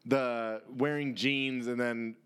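A man's voice: medium pitch, steady tone, slow pace, fairly bright tone, clean tone. A man co-hosting a comedy podcast, telling crude, boisterous stories in casual chat. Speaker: podcast co-host.

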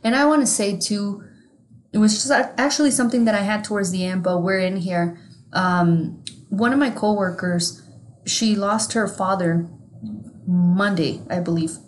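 A woman co-hosting a podcast in casual chat, talking candidly and with plenty of swearing, growing animated when something amuses her. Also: mid-range voice, moderate pace. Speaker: podcast co-host.

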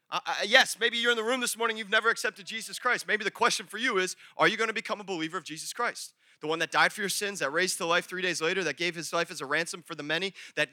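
Bright, high-voiced energetic male pastor. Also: dry recording. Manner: energetic, emphatic, repeats phrases, acts out dialogue. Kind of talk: sermon. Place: church service.

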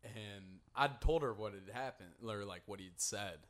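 A man's voice: fairly low pitch, a little slow. A man hosting a podcast, telling a long story in casual chat. He rambles, says "like" constantly and swears freely. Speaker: podcast host.

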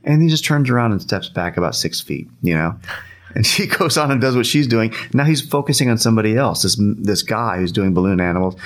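Slightly low-voiced man telling a story. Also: expressive, fairly quick. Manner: laughs often while telling, repeats himself, acts out quotes. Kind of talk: casual anecdote telling.

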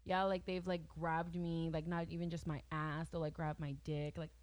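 A young woman in her twenties co-hosts a podcast, chatting casually and telling stories full of filler words and easy laughter. Her voice is low-pitched and flat, at a moderate pace.

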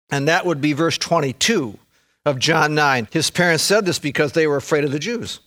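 Man, pastor, sermon, fairly high voice, animated storytelling, acts out voices. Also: normal speed.

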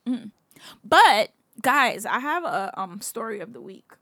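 A young woman co-hosting a casual chat podcast, telling stories with slangy flair. Her voice sits high and swings widely in pitch, with a bright edge. The recording is dry and close. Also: measured pace, no room sound. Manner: animated storyteller, slangy, laughs often. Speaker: podcast co-host.

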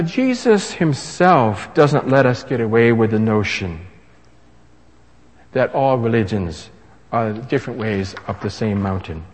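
Animated male preacher in a reverberant hall. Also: mid-range voice. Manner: animated, rising to emphatic crescendos. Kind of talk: sermon. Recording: long reverb of a large hall.

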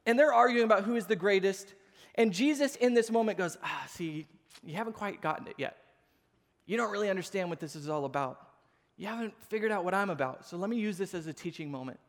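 A man in his thirties, a pastor, preaching a sermon with animated storytelling, acting out the voices of people in his stories. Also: high-pitched, fast talker. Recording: long hall reverb.

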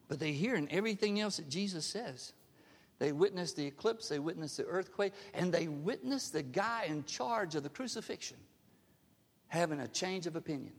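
High-voiced preacher in a reverberant hall. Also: male voice. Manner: emphatic, asks the congregation questions. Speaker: pastor. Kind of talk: sermon. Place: church sanctuary.

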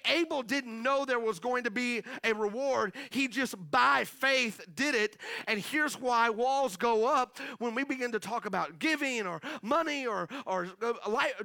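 A man's voice: very high voice, gravelly, sharp tone, no echo, studio quality. A middle-aged man preaching a sermon as the pastor, chatting with the congregation and calling out to them for answers. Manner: conversational preaching with audience call-outs.

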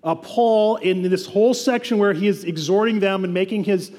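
A man's voice: sits high, moderate pace, a little mellow, long reverb tail. A man preaching a sermon as pastor, conversational, with asides and frequent restarts.

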